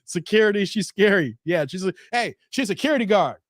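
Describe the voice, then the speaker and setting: A man hosts a casual stream and riffs on viewer comments. His voice sits high and swings widely as he laughs and jokes. The sound is close and dry, with no room around it. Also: fairly quick, dry recording. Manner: animated, laughing, slang-heavy banter. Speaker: host reading viewer comments.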